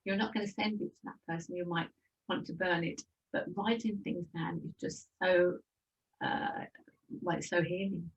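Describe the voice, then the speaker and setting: An older woman with a Birmingham accent tells her life story to an interviewer. She is chatty and lively, tripping over repeated words as she goes. Her voice sits a little low and comes from slightly off the mic. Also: normal speed, gravelly, distant mic, highs cut off. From Birmingham, England. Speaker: guest.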